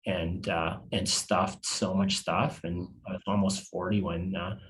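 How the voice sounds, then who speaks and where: Halting, low-voiced man in his fifties. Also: flat delivery, a bit bright. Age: 50s. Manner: halting and confessional, repeats words as he searches for them. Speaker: podcast guest. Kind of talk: personal storytelling interview.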